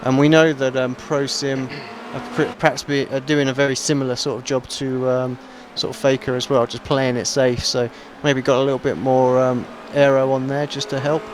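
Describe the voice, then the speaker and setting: Relaxed man in race commentary. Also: mid-range voice, normal speed, few pauses, background noise. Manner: relaxed, conversational analysis with fillers. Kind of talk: live sim racing colour commentary. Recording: race car engines loud behind.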